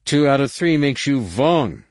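A man's voice: mid-range voice, big pitch swings, unhurried, dry recording, studio quality. Tight clipped young guy talking thru his teeth, barely holding rage, read by a man. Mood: grim tense. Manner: tense, clipped, spoken through the teeth. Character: grim young man fighting inner rage.

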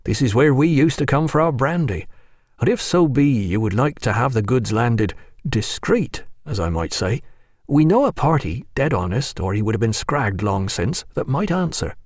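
A man doing a sly rough sailor. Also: mid-range voice, big pitch swings, moderate pace, a little mellow, dry recording, clean studio sound. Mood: conspiratorial. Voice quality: rough seaman's dialect, sidelong. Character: sly male sailor, smuggler's tout.

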